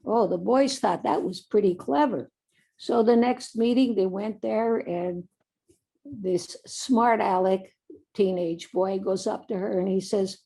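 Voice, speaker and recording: Slow, gravelly-voiced woman giving a commencement address. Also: medium pitch, mellow. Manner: storytelling, earnest exhortation. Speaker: commencement speaker.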